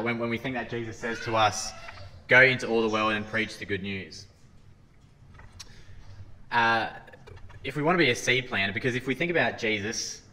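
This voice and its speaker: A man's voice: on the low side, sharp tone, a little hiss or hum. A man giving an earnest sermon talk as a lay preacher, reading scripture and often restarting his phrases. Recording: hall reverb, faint ambience.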